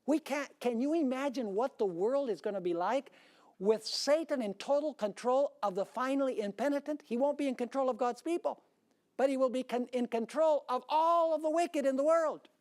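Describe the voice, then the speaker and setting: A man's voice: very high-pitched, moderate pace, darkish tone. A male pastor preaching a sermon emphatically, throwing rhetorical questions at his congregation.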